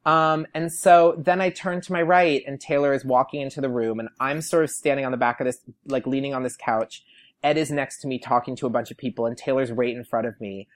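A man's voice: medium pitch, fairly quick. Young man, podcast guest, chatty storyteller who slips into quoted voices. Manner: animated, quotes people in lively put-on voices. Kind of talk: casual storytelling.

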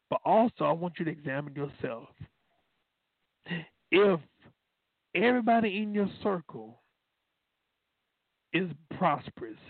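Folksy stories full of fillers open this sermon from a high-pitched man, who then leads a prayer that keeps circling back to the word God. There's no echo; the audio is dry and tinny, phone-line style.

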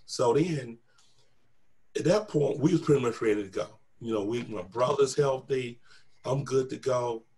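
Gravelly middle-aged man telling his story. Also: mid-range voice, moderate pace, slight background noise. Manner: animated, acts out quoted voices. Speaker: guest telling his testimony. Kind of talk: personal storytelling testimony.

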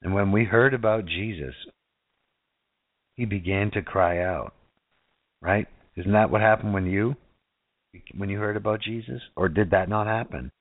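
A man's voice: fairly low pitch, a little slow, long pauses, no echo. A man preaching a casual sermon who keeps asking his listeners rhetorical questions and "right?". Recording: tinny phone-like dry sound.

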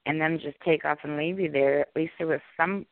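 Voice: mid-range voice, fairly even intonation, brisk, no echo. A co-host on a call-in talk show, chatting casually and sympathetically, often repeating "you know". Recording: tinny phone line, dry.

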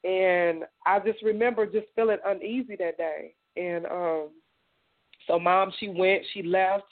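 A woman from Indiana, an interview guest, giving a halting personal testimony full of "you know.". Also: lowish voice, steady tone. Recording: tinny phone line.

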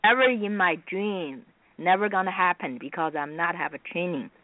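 A woman from China with a Chinese accent, whose first language is Mandarin, being interviewed as a guest actress on radio; she talks haltingly and restarts often, in simple non-native grammar. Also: on the low side, dry recording. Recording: dry, tinny phone line.

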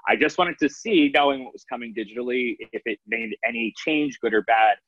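A man's voice: medium pitch, brisk, a bit bright, no echo, highs cut off. A man in his thirties, an author and coach, talking in a loose, rambling way with many restarts. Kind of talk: casual interview talk.

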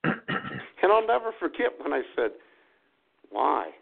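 A man co-hosting a podcast in casual chat, animated and laughing often, with rambling asides. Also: mid-range voice, moderate pace, vocal fry, husky. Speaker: podcast co-host. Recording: phone-like narrow band.

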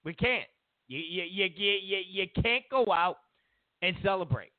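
On his political talk show, a man with an expressive high voice speaks a little slowly, giving sarcastic, opinionated takes and hammering points through repetition. He mocks the media using exaggerated quotes. His audio is dry, phone-like and tinny, with no room sound.

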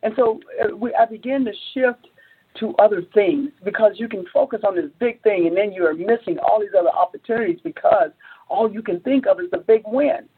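Sex: woman. Role: entrepreneur guest. Style: animated storytelling, acting out quotes. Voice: very husky. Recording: narrow, phone-like line. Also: fairly quick. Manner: acts out quotes, climbs high when excited, many restarts.

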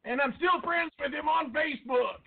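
A man's voice: extremely high pitch, moderate pace, creaky, exaggerated voice. A man voicing a crude, teasing stoner puppet that ribs its co-host in mocking banter. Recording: tinny lo-fi podcast audio.

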